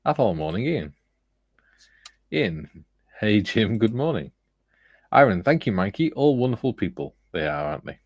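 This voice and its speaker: Man, livestream host, reads chat aloud, low pitch, dry close sound. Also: sing-song, moderate pace, long pauses, husky, dry recording. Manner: reads viewer comments aloud, chuckling. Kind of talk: casual chat.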